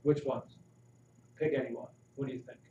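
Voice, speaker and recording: A man giving a live health talk to an audience, asking them questions with animated emphasis. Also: medium pitch, normal speed. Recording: roomy, distant, dull audio with faint noise.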